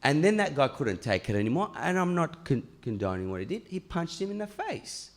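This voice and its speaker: Animated storytelling man from Iran. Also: fairly high pitch, fairly quick. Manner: animated storyteller, many fillers and restarts. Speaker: author guest. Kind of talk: panel discussion. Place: stage at a public talk.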